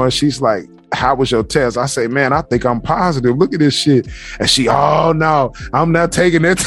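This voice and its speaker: A middle-aged man and show host telling a story casually, loose and profane, laughing as he talks, from a basement home office. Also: mid-range voice.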